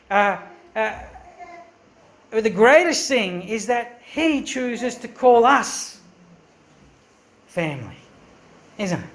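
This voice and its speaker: A man's voice: very high-pitched, expressive, slow, long pauses, reverberant. A man preaching a sermon as pastor, earnest and emphatic, often asking the congregation questions. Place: church.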